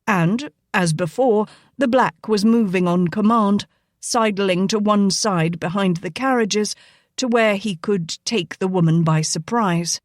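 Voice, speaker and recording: A woman narrates a historical romance novel in a measured, even storytelling voice of middle pitch. The recording is dry and close, with no room sound. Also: no echo. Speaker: audiobook narrator. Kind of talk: scripted narration.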